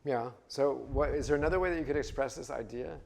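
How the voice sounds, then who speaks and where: A man's voice: medium pitch, quick pace, gravelly, a little mellow. A man leading a Bible study class, speaking conversationally, putting questions to the group and often restarting his phrases. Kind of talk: interactive class teaching.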